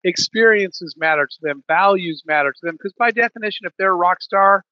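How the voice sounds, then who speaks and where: A man's voice: sits high, a little fast, dry recording, highs cut off. A man in a podcast interview, telling a business story with many restarts and fillers. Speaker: podcast guest, business leader.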